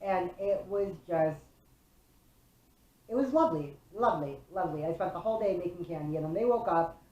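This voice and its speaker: A young woman from Chicago tells a story in a casual, profane, animated way. Her voice sits a little low for a woman. The room around her rings with a noticeable echo. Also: brisk, highs cut off. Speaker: vlogger. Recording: roomy echo.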